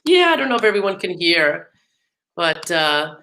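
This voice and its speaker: A woman's voice: on the low side, sing-song, moderate pace, pushed and bright, rough recording. A woman hosting a live music podcast, talking casually with frequent laughs and fillers. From New York / New Jersey area. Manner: chatty, laughs often, many fillers. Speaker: podcast host. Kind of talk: casual livestream talk.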